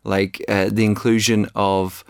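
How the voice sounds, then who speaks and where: A man's voice: on the low side, level tone, a little slow, clean tone, dry recording, clean studio sound. A man, talking about his book as a guest in an interview, keen, with many false starts and repeated words. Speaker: author and actor guest. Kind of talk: conversational interview.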